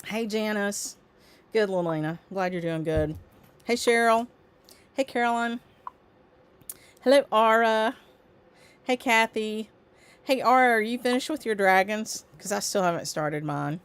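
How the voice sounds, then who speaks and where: A woman's voice: medium pitch, unhurried, pauses often, smooth. A woman hosting a casual stitching livestream, chatting loosely with lots of ums and greeting viewers by name as their comments come in. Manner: chatty, rambling with frequent ums. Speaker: livestream host. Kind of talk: casual live-stream chat.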